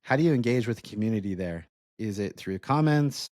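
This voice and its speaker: A man's voice: on the low side, expressive, a little fast, darkish tone, dry recording, clean studio sound. A man hosting a marketing podcast, asking questions in a casual, enthusiastic way and praising answers before he asks. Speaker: podcast host.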